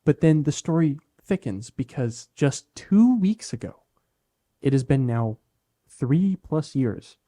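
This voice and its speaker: A young man co-hosting a podcast, telling a story in relaxed, self-deprecating casual chat. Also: on the high side, slow. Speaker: podcast co-host.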